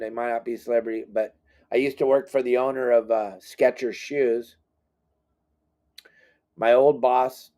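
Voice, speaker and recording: A middle-aged man, a fishing guide and boat captain, telling stories in a casual, animated, self-deprecating way. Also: mid-range voice. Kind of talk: casual storytelling.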